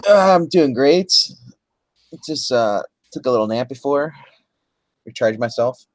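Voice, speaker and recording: A man as guest on a casual movie podcast, talking in halting bursts with many restarts. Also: medium pitch, animated, a little mellow, no room sound. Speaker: co-host guest. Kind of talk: casual movie review chat.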